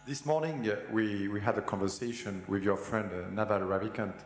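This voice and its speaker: A man's voice: fairly low pitch, steady tone, fairly quick. A man with a French accent, a native French speaker, interviewing a guest at a conference, polite and hesitant with frequent stammers. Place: conference hall. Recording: echoey conference hall with hum.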